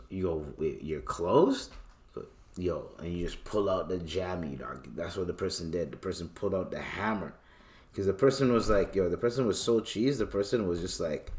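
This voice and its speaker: A young man with a Toronto accent, hosting a podcast, ranting in a casual, profane storytelling style with sudden loud outbursts. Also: sits low, slight background noise. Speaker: podcast host.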